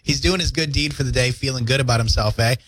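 A man's voice: medium pitch, quick pace, no room sound. A man hosting a morning radio show, telling stories with jokes and laughs in a casual studio banter. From Canada. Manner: jokey, animated storytelling with laughs.

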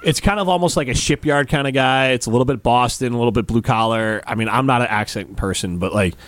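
A man's voice: mid-range voice, fast, no echo. Chatty, teasing male radio host, dry sound. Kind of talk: casual sports radio banter. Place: radio studio. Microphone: studio microphone.

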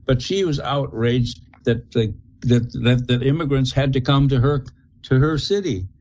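A man's voice: medium pitch, fairly even intonation, a little mellow. Man doing opinion commentary on talk radio, lots of uh's, kinda muffled sound. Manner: halting, with many fillers. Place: radio studio.

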